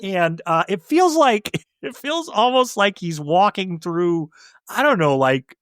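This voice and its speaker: A man co-hosting a film podcast, walking through scenes in loose, chatty recap. His pitch moves a lot, rising and falling as he talks. The recording is dry and close. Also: takes it slowly, no echo. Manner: lively, recaps scenes with fillers. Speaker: podcast co-host. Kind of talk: casual film-review chat.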